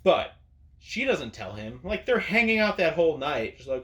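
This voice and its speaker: A man's voice: on the high side, very animated, moderate pace, a bit bright. A man hosting an opinion video, ranting sarcastically and swearing freely at the camera. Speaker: video host. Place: indoors at a camera.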